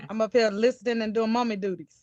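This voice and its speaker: A woman's voice: a little high, fairly even intonation, quick pace, darkish tone, dry recording, muffled recording. Woman parent chatting on a dry call. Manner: laughing, reflective, loose. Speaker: attendee, parent. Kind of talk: casual webinar chat. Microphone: video call.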